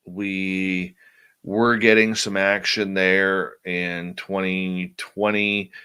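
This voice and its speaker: A man's voice: deep voice, bright, forceful tone, clean tone. A male radio show host in casual chat, drowsily reading out and answering listener questions.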